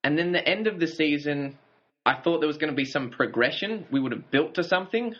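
A man's voice: a little high, expressive, brisk. A man co-hosting a casual TV review chat, recapping the plot and chuckling now and then. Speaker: podcast co-host. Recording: dull lo-fi audio.

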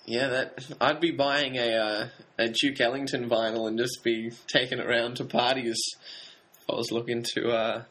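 Man, podcast co-host, hesitant, thoughtful, bright forceful voice, average pitch. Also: level tone, normal speed, rough recording. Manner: hesitant, thoughtful, frequent fillers. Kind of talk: casual film review chat.

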